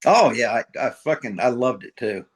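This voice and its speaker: A middle-aged retired Marine sergeant major from middle America, telling war stories in a blunt, profane way and acting out the dialogue. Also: male voice, mid-range voice, animated, moderate pace, husky. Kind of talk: casual storytelling interview.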